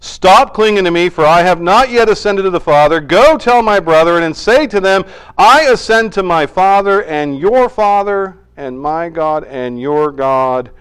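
A man voicing a calm risen teacher who gives gentle, earnest instructions, quoted within a sermon. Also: high voice, unhurried, smooth, poor audio.

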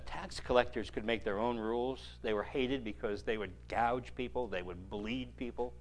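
A man preaching a sermon, retelling scripture in an animated storytelling way with dry joking asides. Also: on the low side.

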